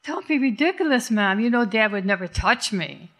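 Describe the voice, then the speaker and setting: A woman voicing an angry, defensive fourteen-year-old girl who talks back shrill and scornful. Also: moderate pace, fairly bright tone, lightly acted.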